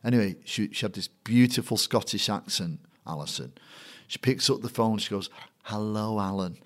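A middle-aged man with a broad Mancunian accent talks in a fairly low voice. He tells his stories with gusto and keeps breaking into the voices of the people in them. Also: normal speed. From Manchester, England. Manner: lively raconteur who acts out the people in his stories. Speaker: guest, matchday compere. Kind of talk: anecdotal storytelling in a conversation.

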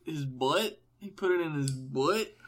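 A man's voice: a little high, animated, measured pace. A man playing along as a guest in a read-aloud gamebook, joking, sarcastic and swearing freely. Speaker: guest player. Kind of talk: casual game banter.

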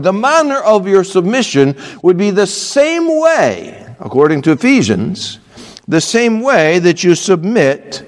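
A man's voice: a little high, long reverb tail. A man preaching a sermon from a church pulpit, earnest and emphatic, with offhand asides. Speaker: pastor.

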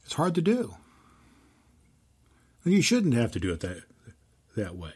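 A man hosting an inspirational podcast, giving an earnest faith-based teaching and telling stories, slowing down to stress key phrases. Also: mid-range voice, huge pitch swings, a little mellow, breathy edge. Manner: earnest, with slowed emphatic phrases and storytelling. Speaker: podcast host and Christian teacher.

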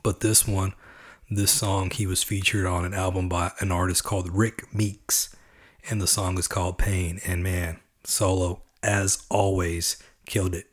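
A man from Texas talks through his podcast in an easy, chatty way, clearly excited about the songs he plays. His voice sits low and stays fairly level, without much rise and fall. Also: measured pace. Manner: relaxed, chatty, enthusiastic about the music. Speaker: podcast host. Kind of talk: casual podcast commentary on songs.

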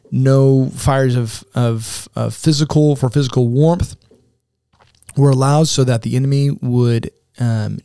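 A man serving as camp director, giving a devotional talk as an earnest story with dramatic pauses and weighty readings of scripture. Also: mid-range voice, mellow, clean tone, no echo, clean studio sound. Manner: reads quotes and scripture with weight.

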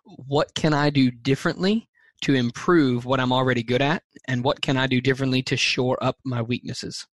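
A man's voice: medium pitch, fairly even intonation, normal speed, no room sound. A man being interviewed as a teacher and speaker, answering earnestly and thoughtfully, with frequent fillers and restarts.

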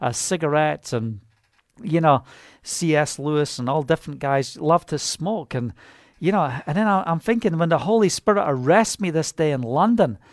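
A fervent man preaching with a high, light voice, telling his testimony in a loose, rambling way. Fillers keep spilling in between his bursts of zeal. The sound is close and dry, with no room around it. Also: lively intonation, moderate pace, dry recording. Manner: fervent, rambling, with many "you know" fillers. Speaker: minister. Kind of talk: personal testimony sermon.

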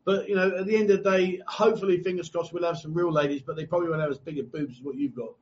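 A man's voice: on the high side, steady tone, rapid-fire. A man hosting a casual live stream, reading out viewer comments and teasing his co-host. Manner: joking, teasing, swears freely. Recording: dull lo-fi live stream audio.

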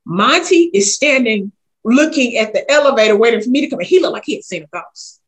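Husky woman, animated storytelling, emphatic, casual chat. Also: on the high side, fairly quick.

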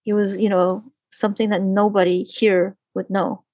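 A woman guest telling a personal story in conversation, animated and full of "like", often acting out what others said. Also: mid-range voice, moderate pace, dry recording. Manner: animated, acts out quoted voices, lots of "like".

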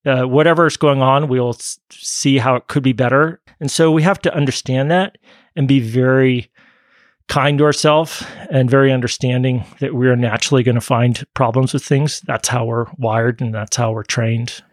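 Male doctor guest, measured and reflective, dry close sound. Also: mid-range voice, steady tone, dry recording. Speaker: physician guest. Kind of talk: podcast conversation.

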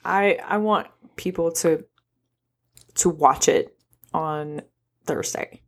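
A woman co-hosting a casual podcast chat, quiet and chiming in with short replies. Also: sits low, slow pace. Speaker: podcast co-host.

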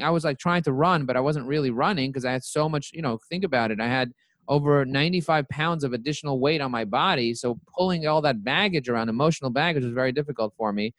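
Man, CEO guest, lively storyteller, higher-pitched, dry close sound. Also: fast, dry recording. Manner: lively storyteller who acts out his own quotes. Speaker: interview guest, company CEO. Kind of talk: casual storytelling interview.

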